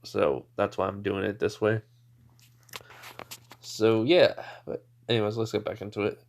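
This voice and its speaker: A man's voice: fairly low pitch, flat delivery, a little slow, vocal fry. Rambling man telling a fan story. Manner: rambling, full of fillers like "you know". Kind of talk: casual improvised storytelling.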